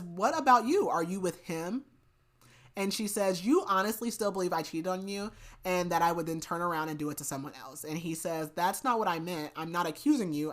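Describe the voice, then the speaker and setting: A woman hosting a podcast, casually retelling a book's plot with lots of "like" and "basically", adding laughing asides. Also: fairly low pitch. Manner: chatty retelling, heavy use of "like" and "basically". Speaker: podcast host. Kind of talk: casual book recap.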